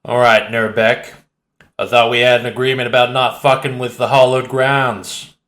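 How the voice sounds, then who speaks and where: A man's voice: mid-range voice, little pitch movement, moderate pace, fairly bright tone, natural voice. A man voicing a profane, mocking male pirate boss with an exaggerated Cockney accent, for an audiobook. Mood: menacing. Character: menacing flashy male pirate boss with cane.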